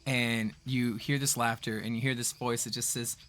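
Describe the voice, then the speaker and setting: A man's voice: mid-range voice, moderate pace, hardly any pauses. Man running a tabletop game, mid voice, laid back and rambly, lots of ums. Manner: relaxed, rambling, lots of fillers. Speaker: game master.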